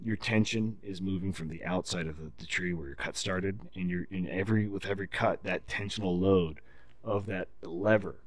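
A man's voice: sits low, moderate pace. A man in casual podcast chat, telling a profane story and explaining tree felling in technical detail. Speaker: podcast guest.

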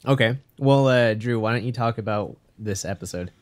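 A man hosting a casual podcast chat, moving between topics in a relaxed way with hesitant fillers. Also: lowish voice, normal speed. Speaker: podcast host.

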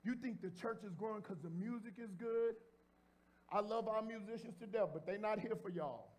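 A pastor preaching a sermon in a church. He talks straight to the congregation in a casual way and repeats phrases as he builds to shouts. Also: sits high, normal speed. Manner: addresses the congregation directly and informally. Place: church sanctuary before a congregation.

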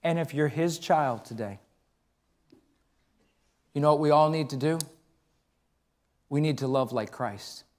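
A middle-aged pastor delivers a sermon in a church, his voice sitting high for a man. He pushes up into emphatic, ringing phrases, then drops into quieter, intimate storytelling. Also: measured pace, long pauses. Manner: preaching with emphatic rises and hushed storytelling.

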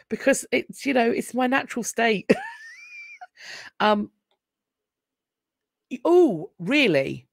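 This history channel host, a Londoner from England, speaks slowly with long pauses, her high-ish voice very animated and touched by vocal fry. Chatty and wry, she often abandons sentences to restart them during her casual live stream, captured in clean studio sound with no room noise.

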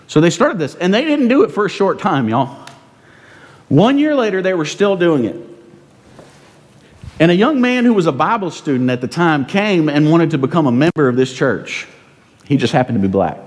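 A man preaching a sermon in a church, animated and conversational, with frequent rhetorical tag questions to the congregation. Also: a little high, normal speed. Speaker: pastor. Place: church sanctuary. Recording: long reverb in a church.

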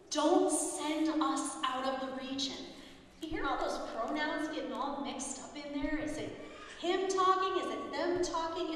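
High-voiced woman pastor preaching in an echoey hall. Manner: storytelling, lively quoted voices. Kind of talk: sermon. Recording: echoey hall, distant mic, faint background noise.

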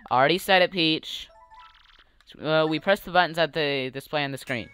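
Low-voiced woman, casual game commentator, chatty, playful. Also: normal speed, fairly bright tone, soft background music. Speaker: let's play commentator.

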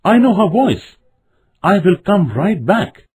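A man voicing an eager young male fawn who speaks in an excited, pleading way. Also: on the high side, measured pace, voice pushed up.

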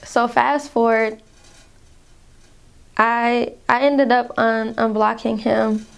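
A woman's voice: fairly high pitch, flat delivery, slow pace, creaky, clear, resonant tone. A young woman telling a painful personal story to her viewers in a vlog, rambling, calling them y'all, fighting back tears. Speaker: vlogger.

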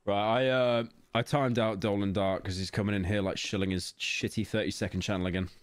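A man's voice: on the low side, steady tone, a little fast, clear, resonant tone, no echo. A young British man streaming a game, talking casually to his chat with sarcasm and frequent swearing. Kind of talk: casual gaming commentary.

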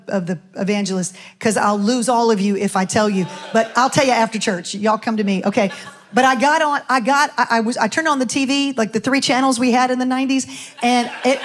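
A middle-aged woman pastor, preaching a sermon and telling a personal story with chatty asides to the congregation. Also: a little high. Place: church sanctuary.

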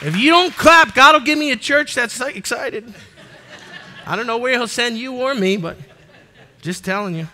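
A middle-aged male pastor preaching a fervent sermon to his congregation in a church, breaking into shouted exhortations. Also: very high voice, animated, moderate pace, long pauses. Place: church sanctuary before a congregation.

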